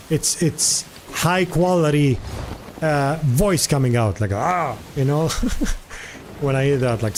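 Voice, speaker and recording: A man streaming live, talking loosely and chattily at a desk mic in a mid-pitched voice. He wanders between thoughts, fills gaps with "uh" and "like", and answers his chat as he goes. A faint hiss of ambience sits under the voice. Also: a little mellow. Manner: rambling, chatty, many fillers, answers chat.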